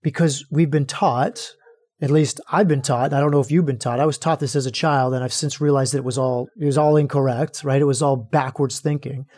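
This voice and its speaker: A man hosting a podcast, giving a slow, emphatic spiritual teaching with repeated phrases. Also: mid-range voice, fairly even intonation, a little mellow, no room sound, studio quality. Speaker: podcast host.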